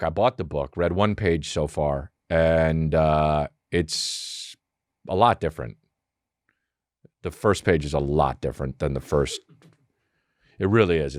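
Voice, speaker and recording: Excitable, profane male podcast host. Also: rumbling low, dry recording, studio quality. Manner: excitable, profane, riffing with quick acted asides. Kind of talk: comedic rambling monologue.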